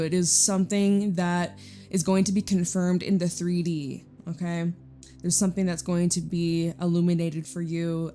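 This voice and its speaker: A woman's voice: on the low side, a little mellow. A young Canadian woman giving a casual, chatty tarot reading, stretching out emphatic phrases. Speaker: tarot reader. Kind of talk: intuitive tarot reading to camera.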